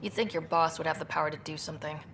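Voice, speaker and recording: An actress playing a calm, friendly female explorer in a video game, asking questions in an even manner. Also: low voice, very fast, vocal fry, a little hiss or hum.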